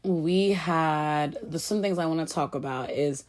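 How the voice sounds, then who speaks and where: A woman with a notably low voice gives a casual reality-show recap straight to her viewers. She talks in a loose, chatty way, full of asides and friendly calls of girl and y'all. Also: unhurried, a little mellow.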